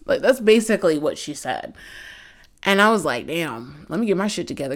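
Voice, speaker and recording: A young woman hosts her own podcast in a loose, chatty way. She tells candid stories and fills her talk with "like". Her voice sits a little low for a woman. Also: sing-song, fairly quick. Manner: chatty, candid storytelling with lots of "like". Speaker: podcast host. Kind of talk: casual chat.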